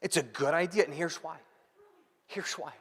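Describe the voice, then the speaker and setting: A man preaching a sermon as pastor, emphatic, repeating key phrases and dropping from loud to hushed. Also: on the high side, normal speed, breathy edge, in a large hall.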